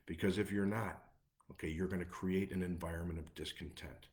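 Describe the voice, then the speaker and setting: A man with a Chicago accent gives a live motivational talk as a coach. His voice sits a little low, and he hammers his points with short, repeated lists. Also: steady tone, a little fast, a little mellow. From Midwest US. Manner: emphatic, repetitive, punchy lists. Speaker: anxiety coach.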